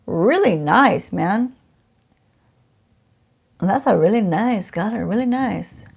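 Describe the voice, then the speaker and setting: Chatty woman with a gravelly edge. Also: medium pitch, expressive, slow, a little mellow. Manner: chatty, self-teasing, talks to someone off camera. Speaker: beauty vlogger. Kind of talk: casual unboxing chat.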